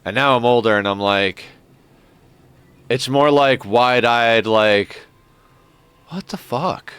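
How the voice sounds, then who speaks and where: A young man streaming a game, chatting casually and musing out loud, with lots of filler words. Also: medium pitch, slow pace, clear, resonant tone, dry recording. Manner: rambling, reflective, many filler "like"s; cooing baby talk to a pet. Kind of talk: casual gameplay stream chat.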